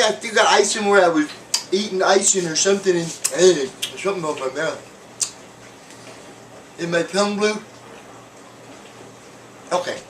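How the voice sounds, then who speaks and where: A high-pitched man hosts his own cooking show, rambling cheerfully and tossing in jokes between steps. He is picked up from across the room in an echoey home kitchen. Pans, dishes and cutlery clatter clearly behind him. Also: bright, forceful tone, recorded from a distance, slight background noise. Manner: rambling and jokey, with many fillers and asides. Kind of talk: casual comedic cooking demo. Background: clinking dishes, pots and cutlery.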